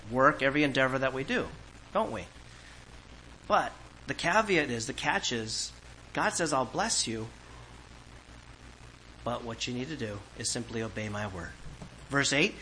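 A man's voice: mid-range voice, pushed and bright, a little hiss or hum, poor audio. A man preaching a sermon, emphatic and asking the congregation questions as he reads scripture. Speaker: pastor.

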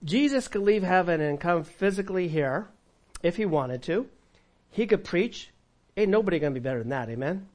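A male pastor preaching a sermon, asking the congregation questions and swinging between loud and quiet. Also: high-pitched, animated, normal speed. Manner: preaching with audience call-and-response, dramatic volume swings.

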